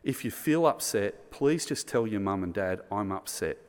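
Low-voiced Australian preacher in a reverberant hall. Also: male voice, animated, moderate pace, a little mellow. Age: middle-aged. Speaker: pastor. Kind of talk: sermon.

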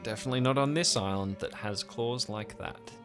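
A man narrating as game master of an improvised tabletop game, loose and quick with fillers. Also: mid-range voice, over music.

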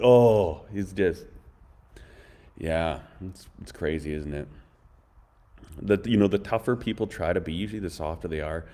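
Blunt rambling man, low mellow voice. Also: expressive, normal speed. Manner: rambling, blunt, opinionated, fond of mocking impressions. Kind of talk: casual storytelling chat.

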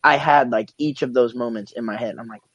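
A man's voice: mid-range voice, a little fast, a bit bright, muffled recording. A young man in a casual podcast chat, rambling with many restarts, swearing and calling people bro. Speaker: podcast co-host.

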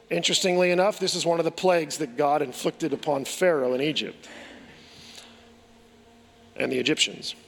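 Guy preaching a sermon, earnest, lots of questions, slightly high voice, big echoey hall. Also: fairly bright tone. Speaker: pastor. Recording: long hall reverb.

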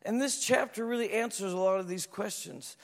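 Pastor, male, high voice, lively storytelling sermon, long hall reverb. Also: brisk, gravelly. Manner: animated storytelling, acts out voices.

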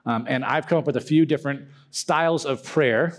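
A man's voice: medium pitch, moderate pace. A young man giving a casual, joking talk to a youth group, acting out silly prayer voices.

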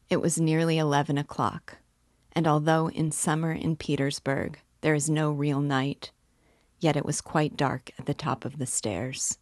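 Low, slow woman reading a novel aloud. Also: no echo, studio quality. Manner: measured, even reading. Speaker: literature guide and reader. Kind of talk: audiobook narration.

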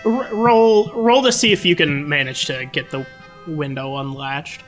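A woman's voice: low-pitched, a little slow, soft background music. A woman running a tabletop game, who talks and laughs between turns. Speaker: game master.

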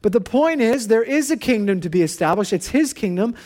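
A pastor in his thirties delivers a conversational sermon, telling personal stories with plenty of animation. His voice is high-pitched and his pace brisk.

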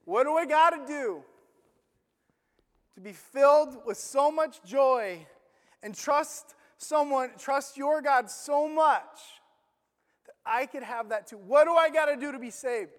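A preacher voicing a desperate, pleading jailer. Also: male voice, fairly bright tone, in a large hall, heavily acted. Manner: pleading, slow and low. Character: desperate trembling male jailer begging.

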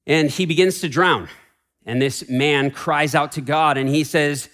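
In a church sanctuary, a pastor preaches a Sunday sermon, moving between raised, urgent declarations and hushed, pleading passages. His voice is on the high side and his pace measured.

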